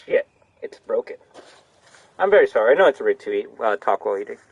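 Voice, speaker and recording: A young man streaming a horror game, rambling casually to chat with animated, profane commentary. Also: on the low side, rapid-fire, vocal fry, breathy edge, narrow, tinny audio. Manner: rambling, animated, swears freely. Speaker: gaming streamer.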